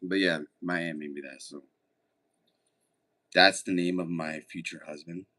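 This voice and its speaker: A man's voice: low voice, steady tone, measured pace, pushed and bright. A man streaming casually, chatting with viewers and joking around in a laid-back way. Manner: laid-back, joking, reads chat aloud. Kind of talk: casual livestream chat.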